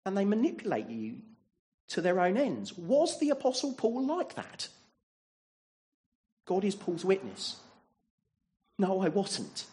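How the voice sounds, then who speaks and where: A man's voice: high-pitched, wildly swooping pitch, slow, pauses often, darkish tone. A man preaching a sermon in a church, earnest and asking the congregation many rhetorical questions.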